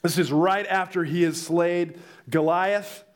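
A young man preaching a sermon, telling the story in a lively way and acting out the voices. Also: high-pitched, slow pace.

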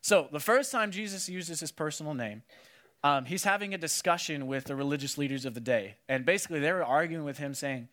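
Animated man preaching a sermon. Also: fairly high pitch, fairly quick. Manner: animated storytelling, acts out quotes, many "like"s. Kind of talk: casual sermon to a youth audience.

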